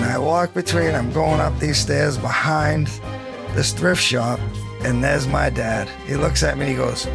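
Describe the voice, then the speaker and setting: A man, telling his story in a documentary interview, animated and acting out the voices of people in it. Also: medium pitch, creaky. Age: 50s. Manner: animated, acts out quoted dialogue, chuckles between beats. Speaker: interviewee, former champion. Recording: soft music bed under the voice.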